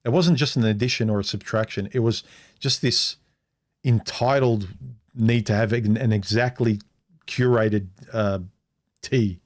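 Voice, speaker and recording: A middle-aged man speaks with a lowish voice, steady tone, and measured pace while sharing a personal story during a casual livestream. The vlogger is blunt and digressive, repeatedly starting sentences over and voicing the people he quotes.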